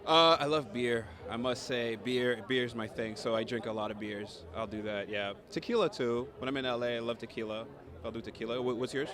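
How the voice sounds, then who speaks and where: A man's voice: mid-range voice, steady tone, brisk. A man at an outdoor red carpet premiere, laid-back and laughing as he teases. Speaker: cast member. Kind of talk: casual red carpet chat. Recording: loud crowd behind.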